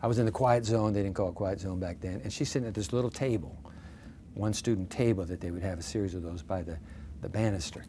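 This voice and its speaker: A pastor in his sixties, guest in an interview, telling stories in a lively way with self-deprecating humor. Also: sits low, fast talker, slight background noise. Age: 60s. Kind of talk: storytelling in a casual interview.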